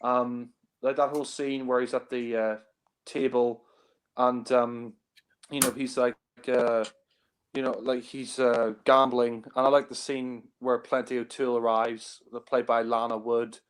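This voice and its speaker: A man of average pitch talks loosely about movies over a group call. He rambles, fills gaps with ums and you-knows, and chuckles often at his own points. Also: flat delivery, measured pace, clean tone. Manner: rambling, heavy on fillers, laughs often. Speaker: film reviewer. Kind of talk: casual film discussion.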